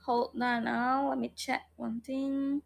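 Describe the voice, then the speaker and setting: A woman's voice: sits high, level tone, slow, vocal fry. A woman teaching an online phonics lesson, repeating letter sounds and prompting her students. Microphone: online class, video call.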